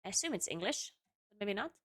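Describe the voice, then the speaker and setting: A woman streamer with a medium-pitched, slightly bright voice and big pitch swings chats casually and quickly with viewers from her home apartment. Her talk comes in loose runs packed with fillers and restarts.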